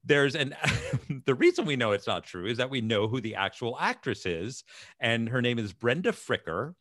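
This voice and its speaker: A man's voice: medium pitch, very animated, moderate pace, a bit bright, no echo, clean studio sound. A man co-hosting a casual chat show, telling a story and laughing often. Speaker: podcast co-host.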